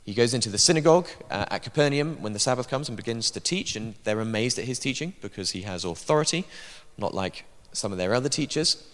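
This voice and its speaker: A man's voice: mid-range voice, animated, quick pace, fairly bright tone. Male preacher, emphatic sermon delivery, dry asides, long hall echo.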